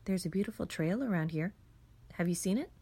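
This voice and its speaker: An eerie, stoic young man speaks flatly and gives orders, as a woman reads him. The voice sits somewhat low and stays emotionless. It suits a dark audio story. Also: brisk, slightly rough. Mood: cold. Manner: flat, emotionless.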